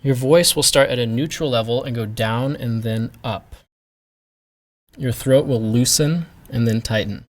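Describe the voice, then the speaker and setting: A man talking slowly and patiently as he teaches pronunciation. His voice sits at an ordinary pitch. He models each sound with careful, deliberate delivery. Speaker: language teacher. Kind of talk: pronunciation lesson.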